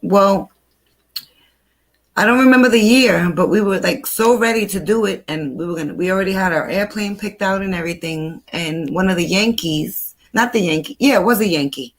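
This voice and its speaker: An older woman, chatting as a host. She tells her stories in a lively, talkative way at a middling pitch. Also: moderate pace. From New York. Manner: chatty, animated storyteller. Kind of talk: casual chat.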